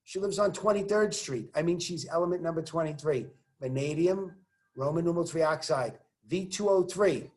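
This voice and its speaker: Male chemistry teacher with a high voice, jokey and encouraging, drilling formulas in an online class. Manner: playful, joking asides while working through examples; encouraging, coaching students to say formulas aloud. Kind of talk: recorded online chemistry lesson.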